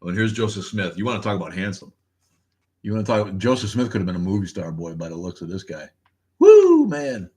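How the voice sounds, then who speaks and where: A man's voice: low voice, fast. Laughing, swearing man hosting a livestream. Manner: loud laughing storyteller, swears freely. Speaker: podcast host. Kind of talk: casual livestream chat.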